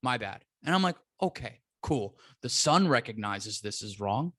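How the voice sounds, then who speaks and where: Man, comedian guest, animated storytelling, quotes in voices, dry close sound. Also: mid-range voice, moderate pace, no echo. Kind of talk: storytelling in casual podcast chat.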